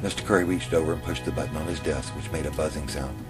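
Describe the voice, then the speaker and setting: A man telling his own memoir in the first person, in a plain, steady way. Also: a bass voice, fast talker. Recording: music playing under the narration.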